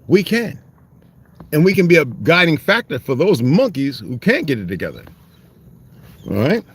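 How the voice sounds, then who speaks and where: Man, rambling profane storyteller, lively swooping pitch, slightly high voice. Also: moderate pace, breathy edge. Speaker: host reading aloud and commenting. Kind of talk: casual storytelling monologue.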